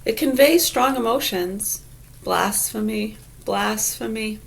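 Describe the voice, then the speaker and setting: A woman's voice: mid-range voice, takes it slowly, creaky. A woman in a casual vlog who reads definitions aloud and riffs on them sarcastically, swearing freely. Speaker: vlogger. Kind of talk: casual musing monologue.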